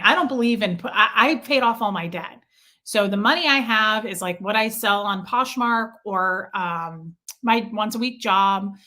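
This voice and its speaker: Bright-voiced woman venting on a livestream. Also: medium pitch. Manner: chatty, venting, repeats herself. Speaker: livestream host reading chat. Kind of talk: casual livestream chat.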